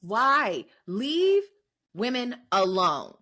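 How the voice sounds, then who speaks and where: A young woman with a highish voice that swoops widely, recounting a story with lots of swearing. She acts out the lines people said to her as she chats with a co-host. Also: very slow. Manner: animated storytelling, heavy swearing, acts out quotes. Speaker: podcast co-host. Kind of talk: casual chat.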